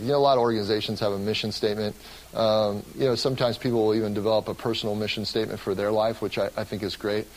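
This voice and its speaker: A man's voice: on the low side, racing, rough recording. A man preaching a sermon as pastor of his church, earnest and often restarting his words. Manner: earnest, with frequent word repeats and restarts.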